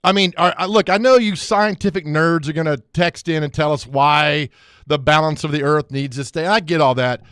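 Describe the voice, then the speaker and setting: A man co-hosting a casual sports talk radio show in a studio, animated and quick to laugh, drifting into rambling asides. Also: a little high, smooth, no room sound. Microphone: studio mic.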